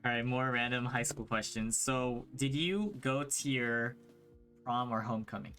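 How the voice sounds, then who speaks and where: A man's voice: medium pitch, moderate pace, fairly bright tone, faint music behind. A man hosting a podcast, asking questions and giving short acknowledgments in a casual interview. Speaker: podcast host.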